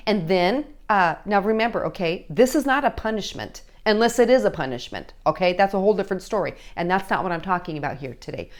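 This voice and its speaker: Coaching woman with frequent "okay?". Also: mid-range voice. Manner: coaching, checks in with repeated "okay?"; acts out teens and parents in quoted voices. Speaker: parenting coach. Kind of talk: direct-to-camera advice talk.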